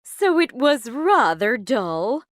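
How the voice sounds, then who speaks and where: A woman voicing a cheerful, scatterbrained fairy godmother with an airy, unhurried manner. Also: high-pitched, very animated, no room sound, clean studio sound, full character voice. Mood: breezy. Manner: airy, breezy, slightly slower.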